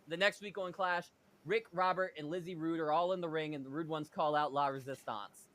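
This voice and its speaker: A man's voice: a little high, fairly even intonation, a little fast, fairly bright tone, no echo. A man hosting a podcast, casually narrating a made-up wrestling show and laughing at his own jokes. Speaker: podcast host.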